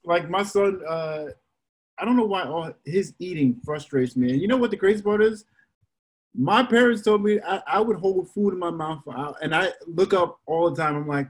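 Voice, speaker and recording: A young adult man and podcast co-host, telling parenting stories in a rambling, animated way with many fillers. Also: sits high, moderate pace, breathy edge. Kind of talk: casual chat.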